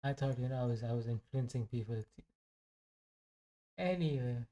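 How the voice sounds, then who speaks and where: A man's voice: medium pitch, moderate pace, dark tone, highs cut off. A young man casually reviewing his day trades, rambling, joking and poking fun at himself as he talks. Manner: rambling, joking and self-mocking. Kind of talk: casual live trading commentary.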